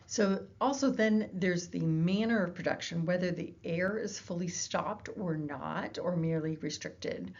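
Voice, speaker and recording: A woman's voice: on the low side, vocal fry, darkish tone, dull audio. A woman lecturer explaining course material in a recorded lecture, with frequent fillers and self-corrections. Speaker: psychology lecturer.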